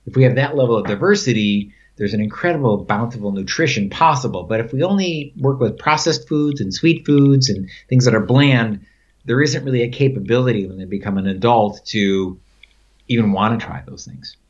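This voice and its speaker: A man's voice: mid-range voice, fairly quick. Man telling stories on a lo-fi recording. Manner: rambling, with frequent laughs and fillers. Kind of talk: casual storytelling conversation. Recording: dull lo-fi recording.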